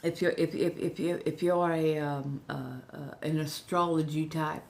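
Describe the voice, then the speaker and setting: A woman with a Southern US accent hosting a relaxed livestream chat. She talks softly, slips into whispers, and rambles with restarts while speaking without her upper denture. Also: low voice, normal speed. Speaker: ASMR livestream host.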